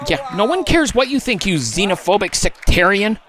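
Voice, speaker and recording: A woman's voice: mid-range voice, big pitch swings, normal speed, crowd noise, close to an everyday voice. A woman voicing an exasperated, sarcastic male bear who hosts a puppet late-night comedy show. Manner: sarcastic, exasperated, sighing asides. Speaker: host.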